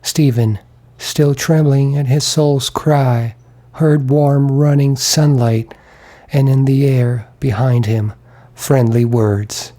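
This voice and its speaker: A man narrating a literary audiobook in a measured, deliberate way. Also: mid-range voice, fairly even intonation, dark tone. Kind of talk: scripted narration.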